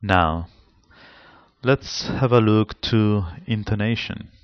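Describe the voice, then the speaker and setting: Slow, measured Spanish-accented male lecturer. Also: on the low side, no echo. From Spain. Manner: slow, deliberate, explanatory delivery. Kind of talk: seminar lecture on pronunciation. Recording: slightly dull lo-fi sound.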